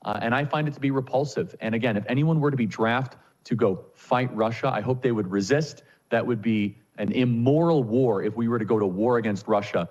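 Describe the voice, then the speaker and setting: A man speaking as a political commentator guest in an interview, forceful and firing off rhetorical questions. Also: medium pitch, a little fast, hardly any pauses, muffled recording.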